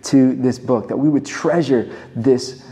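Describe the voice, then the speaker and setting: An earnest male pastor delivering a sermon, pushing his lines upward as he builds emphasis. His voice is dark and mellow, with a gravelly edge running through it. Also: mid-range voice, unhurried.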